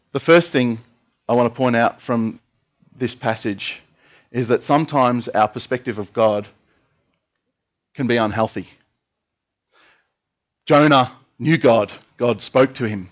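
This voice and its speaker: Man preaching a sermon. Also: lowish voice. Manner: steady reading with occasional fillers. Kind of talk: sermon reading scripture aloud.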